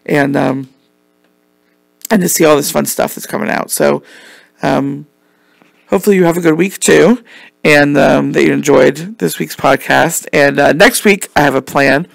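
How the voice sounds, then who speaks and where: A man's voice: on the high side, animated, normal speed, gravelly, long pauses, no echo. A man hosting a casual solo podcast, rambling and chatty with lots of ums and some swearing, while losing his voice. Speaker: podcast host.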